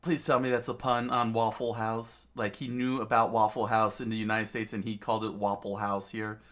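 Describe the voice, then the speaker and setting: A man's voice: lowish voice, little pitch movement, moderate pace, a bit bright. A man reading a comic aloud in a casual way, with many fillers, restarts and chatty asides. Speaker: reader of a comic. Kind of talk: casual read-aloud with commentary.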